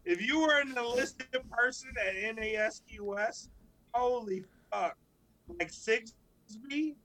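A man, probably in his thirties, co-hosting a podcast, telling stories in casual, profane, animated chat. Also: very high voice, slow pace, low-quality recording. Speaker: podcast co-host.

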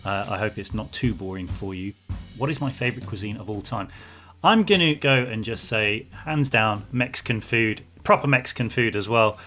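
A man's voice: fairly low pitch, lively intonation, moderate pace, bright, forceful tone, soft background music. A man co-hosting a podcast, chatting casually and reading out listener messages in an upbeat way. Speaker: podcast co-host.

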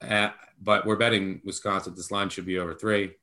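Man, podcast co-host, low pitch, sharp bright tone, emphatic casual betting chat. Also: little pitch movement, a little fast. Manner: emphatic, jokingly apologetic.

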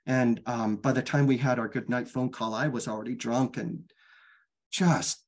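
A woman's voice: a bass voice, moderate pace, darkish tone. A middle-aged woman telling her own life story candidly as a guest, frank and casual, swearing freely.

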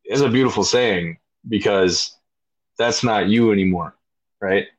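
Speaking unhurriedly in a lowish voice, this veteran in his thirties recounts his story as a podcast guest. He's blunt, profane, and casual, using many fillers, and the recording is dull, lo-fi audio.

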